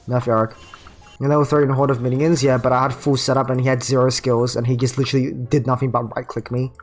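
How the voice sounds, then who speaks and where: A man streaming a video game, muttering about his play and bursting into frustrated shouting and swearing. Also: medium pitch, level tone, fast, slight background noise. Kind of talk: live game commentary.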